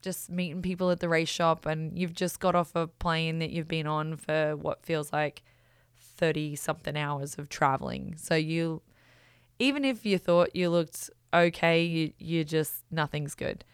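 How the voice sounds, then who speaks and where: An Australian woman tells a personal story in a loose, chatty monologue. Her voice sits a little low and sounds smooth and clear. The sound is dry and close, and she talks in an animated way, packed with "like" and "you know". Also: a little slow, dry recording.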